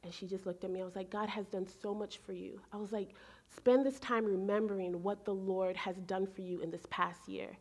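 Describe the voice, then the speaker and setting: A woman in her forties preaching, telling a personal story in an animated way and acting out her own thoughts. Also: mid-range voice, a little fast. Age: 40s. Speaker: pastor. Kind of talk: sermon storytelling.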